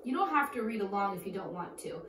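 A woman's voice: mid-range voice, expressive, fast talker. A woman teaching a children's church lesson, upbeat and speaking simply to kids. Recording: echoey room, distant mic, background noise.

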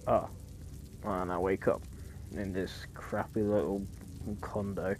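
A man's voice: low voice, little pitch movement, slow, a little mellow, a little hiss or hum. A man giving casual, jokey let's-play commentary on a horror game, easily startled and chatty. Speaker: gaming YouTuber.

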